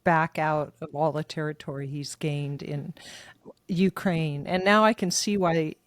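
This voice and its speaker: Female podcast co-host, casual and a bit halting, dry close sound. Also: low-pitched, fairly even intonation, dry recording. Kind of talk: casual political talk.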